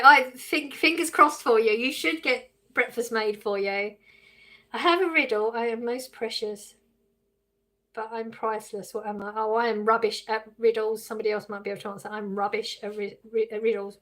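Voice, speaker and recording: A woman's voice: on the high side, a bit bright. An English woman live streaming, reading viewers' questions aloud and answering them casually with frequent laughs. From England. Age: adult with children.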